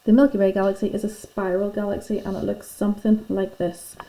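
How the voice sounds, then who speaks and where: A woman teacher with a warm, level mid-range voice speaks briskly on a rough recording. In a classroom lesson going through worksheet notes, she patiently and chattily talks pupils through filling them in.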